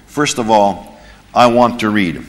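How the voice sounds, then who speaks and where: A man teaching a church class, telling a story in an animated sermon style and chuckling at his own jokes. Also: fairly low pitch, a little slow, big-room sound. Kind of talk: sermon with anecdote.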